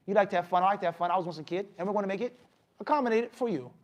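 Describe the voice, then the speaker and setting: Animated man giving a mosque talk. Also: sits high, very fast. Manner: animated, asks the audience questions, acts out scolding. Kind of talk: mosque lecture.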